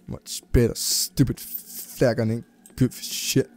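A man's voice: medium pitch, fairly even intonation, unhurried, a little mellow, slight background noise. A man giving crude, jumpy commentary while playing a game, with constant squeamish reactions and swearing. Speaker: let's play gamer. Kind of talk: gameplay commentary.

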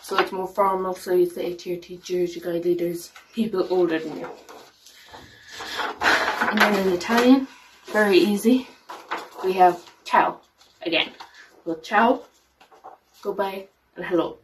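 A woman guide leader teaching simple phrases to children, saying each one slowly and repeating it carefully. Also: fairly low pitch, steady tone. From Ireland. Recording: voice a little far from the mic, faint noise.

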